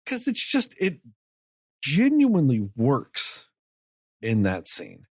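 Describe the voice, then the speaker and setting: Animated man rambling in a film chat. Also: mid-range voice, husky, no echo, clean studio sound. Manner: animated, rambling, swears freely; often acts out characters' lines in quick asides. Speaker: podcast co-host. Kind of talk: casual film review chat.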